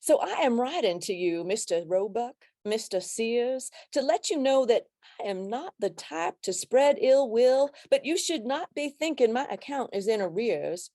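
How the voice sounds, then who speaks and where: A woman reading a humorous poem in a put-on Louisiana accent, voicing a country man writing a complaint letter with a slow, drawn-out delivery. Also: on the high side, expressive, mellow, dry recording, clean studio sound. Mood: wry.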